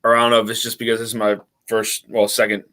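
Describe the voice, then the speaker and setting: A man's voice: fairly low pitch, completely flat delivery, fast talker, pushed and bright. A man chatting as a guest on a casual tasting livestream, laid-back and hesitant.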